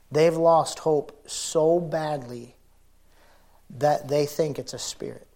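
Laughing easily as he preaches, a middle-aged pastor talks conversationally, shifting between loud emphasis and quiet intensity. His voice is on the high side with fairly even intonation and a slightly slow pace.

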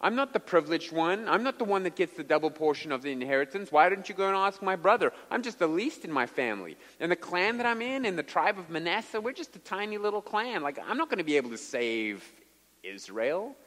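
A man's voice: high voice, big pitch swings, brisk, fairly bright tone, voice pushed up. A man voicing a whiny young man who pities himself and makes excuses, heard with long hall reverb. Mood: whining. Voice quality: whining, sulky.

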